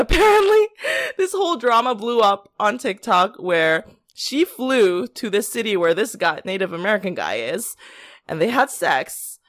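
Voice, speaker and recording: A woman's voice: mid-range voice, a bit bright, no room sound, clean studio sound. A woman co-hosting a podcast, chatting casually with a giggly, rambling way of talking full of "like". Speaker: podcast co-host. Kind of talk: casual gossip chat.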